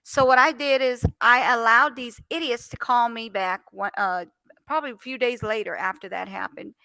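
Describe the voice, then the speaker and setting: A woman chatting casually, telling a story with lively acted-out phone dialogue. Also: on the high side, normal speed, gravelly, no room sound. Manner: animated storyteller, acts out phone calls. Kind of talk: casual chat.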